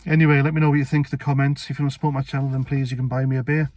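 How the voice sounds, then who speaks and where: A man's voice: medium pitch, flat delivery, rapid-fire, darkish tone. A British man giving a blunt, indignant political rant to camera as a vlogger, with sarcastic asides. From Britain.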